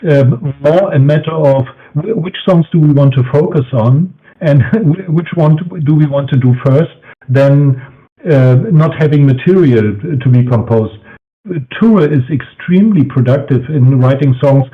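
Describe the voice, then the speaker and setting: A man's voice: fairly high pitch, measured pace. A man answering interview questions, hesitant and searching for words. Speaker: band member, interview guest. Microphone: voice call. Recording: tinny phone-like call audio.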